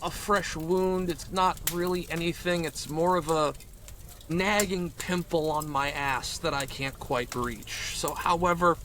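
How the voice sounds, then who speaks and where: Deadpan, crude-talking male guest. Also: a little high, a little slow, a little hiss or hum. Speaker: guest chef. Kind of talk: comedic improv interview.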